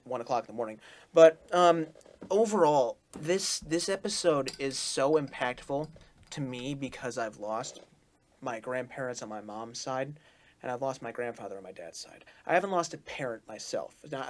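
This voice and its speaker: A man hosting a reaction video, talking casually and effusively, repeating his praise and stumbling into restarts. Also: mid-range voice. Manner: talks through restarts and stumbles.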